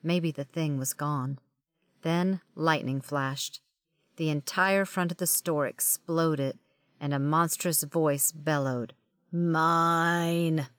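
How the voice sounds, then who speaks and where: A woman's voice: low voice, slow pace, no echo, studio quality. A woman reading a first-person audiobook in a wry, conversational storytelling manner. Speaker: audiobook narrator.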